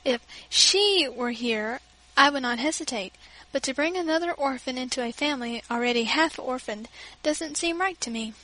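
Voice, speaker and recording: A woman voicing a grave, weary widowed father who speaks slowly and solemnly. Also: high voice, pushed and bright, low-quality recording.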